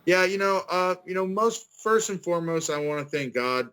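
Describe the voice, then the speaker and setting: A man's voice: sits high, animated, normal speed, fairly bright tone, clear, resonant tone, rough recording. Earnest forty-year-old man rambling. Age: 40s. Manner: earnest, rambling with restarts and repeats. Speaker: guest fighter. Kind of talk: casual interview over a call. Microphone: video call.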